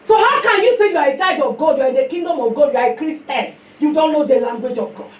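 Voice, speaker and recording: A woman's voice: high-pitched, fast talker. A woman with a Nigerian accent preaching a sermon, telling stories animatedly and calling for responses from her listeners. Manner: animated storytelling with call-and-response. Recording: echoey room, far from mic, faint noise.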